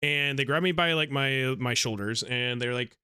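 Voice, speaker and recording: A man's voice: mid-range voice, moderate pace, pushed and bright, no echo, studio quality. A man streaming a game who tells a long story in a rambling, profane way, often restarting his sentences. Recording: clear background music under voice. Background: music playing.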